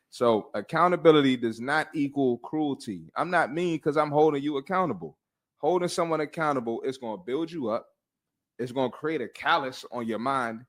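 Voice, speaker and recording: Blunt, animated young man host. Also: medium pitch. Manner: blunt, animated, slangy, laughs a lot. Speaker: fitness podcast host. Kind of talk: casual podcast banter.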